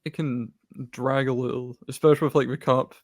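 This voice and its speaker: A man's voice: medium pitch, fairly even intonation, fairly quick, no room sound, studio quality. A man guessing movies on a podcast, thinking aloud and repeating the clues back in casual chat. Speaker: podcast co-host guessing films.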